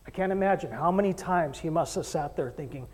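A man preaching a sermon as pastor, animated storyteller who acts out voices and jokes with the congregation. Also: a little high, a little fast, in a large hall. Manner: animated storytelling, acting out quoted voices, joking with the crowd. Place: church stage in a hall.

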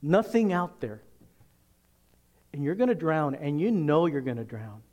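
Male pastor, slightly higher voice, casual preaching that acts out little scenes and questions the room. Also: sing-song, a little slow, a little mellow, highs cut off. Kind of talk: sermon.

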